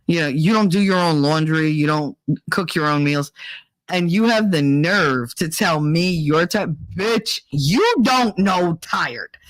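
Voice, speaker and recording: A woman's voice: fairly low pitch, no echo. A woman hosting a casual podcast, ranting bluntly and swearing freely with exasperation. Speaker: podcast host. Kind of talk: casual rant.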